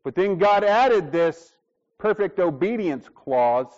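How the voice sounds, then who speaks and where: High-voiced preaching man, lo-fi sound. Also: expressive, slow pace, a little mellow. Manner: emphatic preaching with acted dialogue and rhetorical questions. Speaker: pastor. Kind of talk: sermon.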